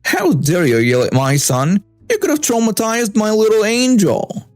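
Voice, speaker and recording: A man's voice: on the high side, lively intonation, unhurried, a little mellow, faint music behind. A man narrating a story, putting on the shrieking voice of an indignant entitled mother. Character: shrill entitled middle-aged mother.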